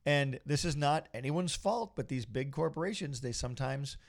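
A man's voice: medium pitch, animated, normal speed, vocal fry. A middle-aged man hosting a casual podcast, talking in an upbeat, rambling, motivational way. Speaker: podcast host.

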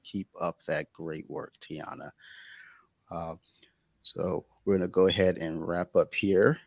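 A man's voice: low voice, pushed and bright, no room sound, low-quality recording. A man hosting a casual podcast, talking loosely with many fillers and restarts. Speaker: podcast host.

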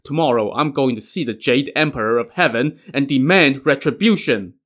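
A man's voice: medium pitch, normal speed, a bit bright, lightly acted. A man voicing a wrathful dragon king in a told myth, speaking in an indignant, imperious way. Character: wrathful male dragon king, proud and vengeful.

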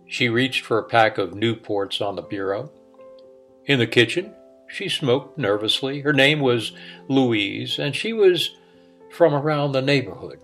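A middle-aged man reads his own story aloud in a reflective, unhurried voice at a middle pitch. When he quotes himself, he stammers and halts. Soft music plays faintly behind him. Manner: reflective, with a halting, stammering delivery. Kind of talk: reading a personal story.

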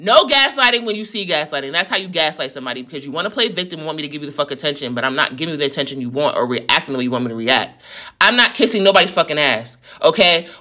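A woman's voice: low voice, lively intonation, racing, sharp tone. Fired-up New woman ranting. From New York. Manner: heated, profane, venting. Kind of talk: storytime rant to viewers.

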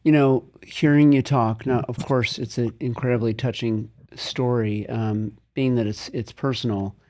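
A man with a mellow, warm voice at a middle pitch hosts an interview. He speaks in a thoughtful, measured way and sums up the guest's points. He pauses to choose his words. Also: fairly even intonation. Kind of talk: interview conversation.

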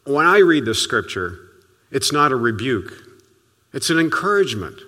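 A man preaching a sermon as a pastor, telling stories in a conversational way and often dropping to a soft, quiet voice. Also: mid-range voice, big pitch swings, normal speed, big-room sound. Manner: conversational, storytelling preaching with sudden soft drops.

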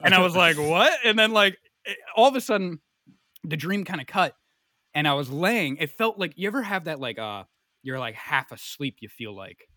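Young man, comic storyteller; bright, slightly high voice, rambling and animated, dry mic. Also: moderate pace, dry recording. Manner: rambling, animated, many fillers.

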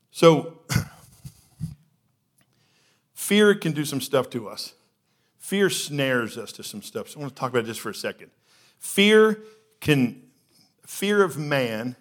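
A middle-aged man, preaching a sermon in a conversational, storytelling way, with frequent fillers. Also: medium pitch.

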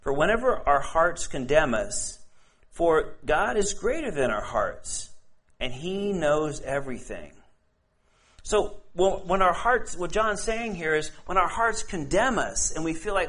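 A man's voice: fairly high pitch, big pitch swings, measured pace, fairly bright tone. A man preaching a sermon and reading scripture aloud in an earnest way, often stumbling over his words and restarting. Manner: earnest, frequent stammered restarts. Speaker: pastor.

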